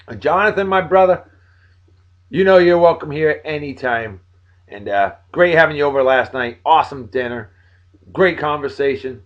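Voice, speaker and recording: A man in his forties, worn out but friendly, runs through shout-outs to his friends in a casual, joking way. He jumps from loud outbursts to low mumbles. The audio is a bit dull and lo-fi. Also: animated, moderate pace. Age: 40s. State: tired. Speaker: video blog host.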